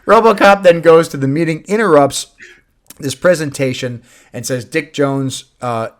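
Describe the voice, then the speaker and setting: A man's voice: a little high, normal speed. A man hosting a casual movie review chat, recapping the plot with swearing and laughter. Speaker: movie review podcast host.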